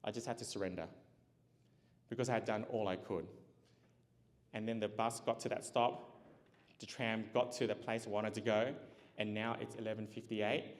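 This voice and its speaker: A man giving a motivational keynote, telling a personal story with lively acted-out dialogue and frequent laughs. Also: lowish voice, moderate pace, pauses often. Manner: animated, acts out dialogue, laughs often. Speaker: keynote speaker. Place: large event hall. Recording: long hall reverb.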